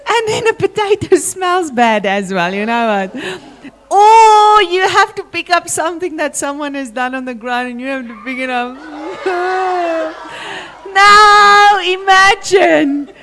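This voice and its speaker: A teacher with a high voice and South African accent leads a school assembly, commanding yet playful. Animated and speaking at normal speed, she calls pupils forward and drills them energetically.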